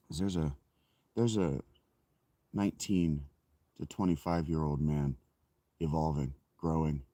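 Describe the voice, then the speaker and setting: A man's voice: extremely low pitch, dark tone, dry recording. A man in his thirties, an author, chatting in a rambling, reflective way with frequent self-corrections. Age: 30s. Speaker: author reading his own novel. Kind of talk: casual spoken chat.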